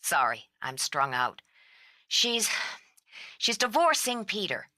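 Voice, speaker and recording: A woman voicing an exhausted, sharp-tongued woman on the phone who has not slept, talking in a blunt, clipped way. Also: fairly low pitch, sing-song, slow, dry recording, studio quality, exaggerated voice. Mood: weary. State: strung out from no sleep.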